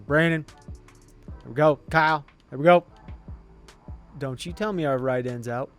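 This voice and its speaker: A man commenting on a football video game, swinging from quiet mumbling to excited yelling. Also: a little high, moderate pace, long pauses, soft background music. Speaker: gaming YouTuber.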